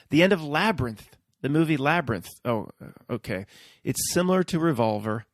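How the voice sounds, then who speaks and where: A man's voice: a little high, sing-song, fairly quick, vocal fry, no echo, studio quality. A man hosting his own video, talking in a rambling, casual monologue and often checking in with his listeners. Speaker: video host.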